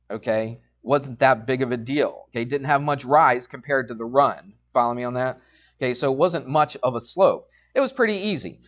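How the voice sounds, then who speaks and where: A middle-aged man teaching a college math class, telling a personal story in a chatty way and often checking in with students. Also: mid-range voice. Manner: chatty, storytelling, asks frequent check-in questions.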